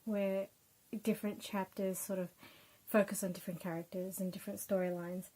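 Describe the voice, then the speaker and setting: A woman's voice: medium pitch, little pitch movement, brisk, warm tone, rough recording. Young Australian woman, casual reviewer, chatty and loose, mid-range voice, lots of fillers. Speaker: book reviewer.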